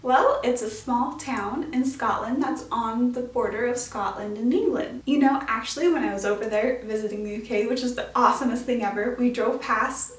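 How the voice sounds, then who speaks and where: A woman's voice: a little high, normal speed, hardly any pauses, recorded from a distance. A woman hosting an educational show about classic literature, talking in a bubbly, playful way with casual slang. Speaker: host of a literature explainer show. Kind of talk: upbeat educational vlog talk. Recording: roomy sound, voice off-mic.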